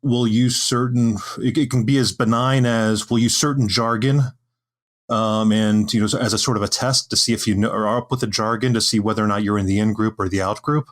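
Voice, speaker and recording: A man's voice: fairly low pitch, fairly even intonation, fairly quick. A man on a podcast panel, talking things through casually with lots of restarts and fillers. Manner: hesitant, many restarts and fillers.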